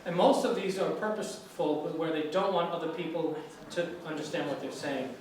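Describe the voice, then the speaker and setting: Man, american english lecturer, slightly high voice, distant mic, roomy classroom echo. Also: brisk, a little mellow. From United States. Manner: conversational, asks students questions. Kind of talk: classroom discussion. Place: lecture room. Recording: echoey classroom from far off, faint noise.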